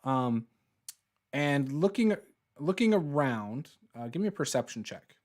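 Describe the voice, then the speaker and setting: A man running a tabletop game as dungeon master, relaxed and quick to laugh. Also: mid-range voice.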